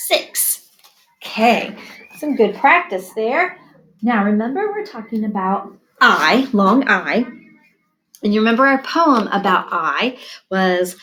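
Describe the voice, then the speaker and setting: A woman teacher giving a phonics lesson to young children, sounding out each word slowly and clearly. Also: on the high side, animated, a bit bright, poor audio. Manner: slow, clear, sounds out words. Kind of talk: early reading phonics lesson.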